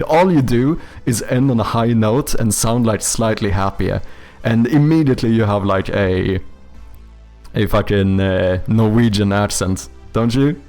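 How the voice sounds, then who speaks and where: This young man from Sweden speaks with a Swedish accent in a mid-range, slightly mellow voice. He's a game developer hanging out with his livestream audience, going through their comments, wandering off topic and cursing freely.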